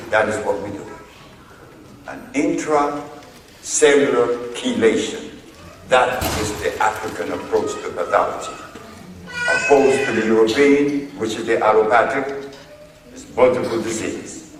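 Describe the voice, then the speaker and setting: A man giving a lecture as a herbal healer, telling the story of a court case with emphatic, drawn-out delivery. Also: medium pitch, expressive. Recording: echoey hall from far off, faint noise.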